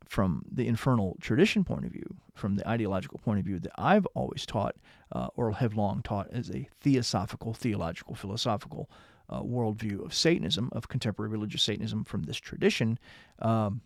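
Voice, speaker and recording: A man's voice: on the low side, expressive, normal speed, gravelly, no echo, clean studio sound. A middle-aged man, a religious teacher, giving an earnest, emphatic lecturing monologue and repeating key words for emphasis.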